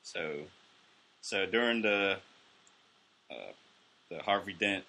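A man hosting a casual movie podcast, steering the talk from topic to topic in a measured way. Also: deep voice, bright, forceful tone. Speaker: podcast host.

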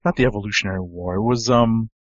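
A man's voice: on the low side, fast talker, no room sound, highs cut off. A man co-hosting a casual comic book podcast, talking with many fillers and restarts. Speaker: podcast co-host.

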